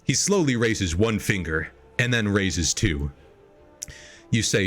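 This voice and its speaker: A man hosting a podcast, reading an AI-written story aloud as a comedic dramatic reading and pitching quoted lines up into exaggerated voices. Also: animated, a little slow, a bit bright, soft background music. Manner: reads quoted lines in exaggerated higher voices, laughing at the text. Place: home streaming setup.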